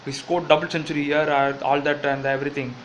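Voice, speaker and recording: A man with an Indian English accent playing a loud, pushy cricket mascot in a comic double-role sketch, rambling with many fillers. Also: on the high side, little pitch movement, quick pace, a little hiss or hum, lightly acted, low-quality recording. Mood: chatty. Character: brash bossy cricket-league mascot named Jill.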